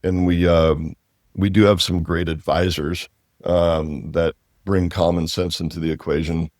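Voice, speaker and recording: Deep-voiced man, rambling interview guest. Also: level tone, unhurried, darkish tone, no room sound, studio quality. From Walla Walla Valley, Washington. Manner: rambling, many fillers and restarts, laughs easily. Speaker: winery owner and interview guest. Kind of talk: casual interview conversation.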